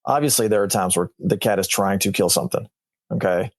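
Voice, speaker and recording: A man, a veterinarian guest on a radio show, explaining conditions in a relaxed, plain way. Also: deep voice, brisk, dry recording. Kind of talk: casual explanatory chat.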